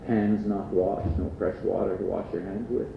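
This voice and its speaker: A man's voice: low voice, level tone, moderate pace, vocal fry, noisy background. A man from Prince Edward Island giving a humorous storytelling lecture to an audience, with wry asides. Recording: distant, dull, roomy archive recording.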